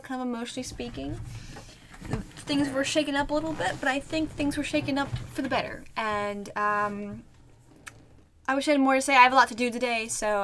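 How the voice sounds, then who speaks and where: A woman's voice: on the high side, bright, forceful tone. A young woman chatting casually as she reacts to an anime episode, giggling often and trailing off into fillers. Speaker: anime reaction channel host.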